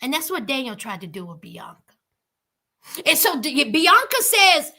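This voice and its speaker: Calling her viewers honey, a sassy woman delivers reaction commentary on a reality show as a reality TV commentator. She speaks at a normal pace, and her bright, high voice rises and falls with lively energy.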